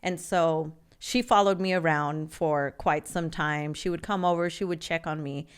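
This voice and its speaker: A Californian woman in her forties, appearing as a podcast guest, tells her life story candidly and earnestly. Her low voice is steady and clean, and she speaks openly despite halting restarts.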